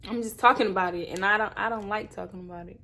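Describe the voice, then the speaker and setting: Woman, 20s, vlogger, emotional storytime, teary and rambling, medium pitch. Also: fairly even intonation, fast, sharp tone, slight background noise. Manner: tearful, laughing through tears, rambling with many fillers.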